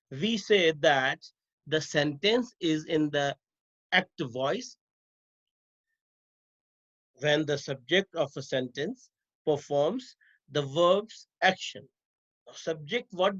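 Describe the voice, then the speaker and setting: Slow high-voiced male grammar teacher. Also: lo-fi sound. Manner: slow, repetitive explaining to students. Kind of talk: grammar lesson over slides.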